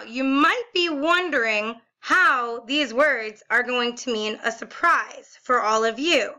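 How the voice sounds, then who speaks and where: Bright, high-voiced woman teaching slowly. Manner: slow, exaggerated, sing-song modeling of words; encouraging, praises often. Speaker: Spanish teacher. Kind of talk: video lesson, call-and-repeat drills.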